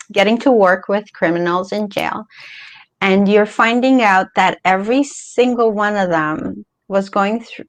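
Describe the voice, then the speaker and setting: A woman hosting an interview, asking questions in a halting, filler-heavy way and encouraging her guest. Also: medium pitch. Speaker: interview host. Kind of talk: casual interview.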